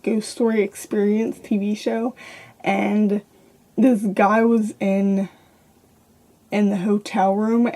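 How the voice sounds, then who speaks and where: Gravelly young woman telling a ghost story. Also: medium pitch, dark tone. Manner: chatty, rambling, filled with "like" and "um". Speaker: paranormal vlogger. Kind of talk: casual storytelling to camera.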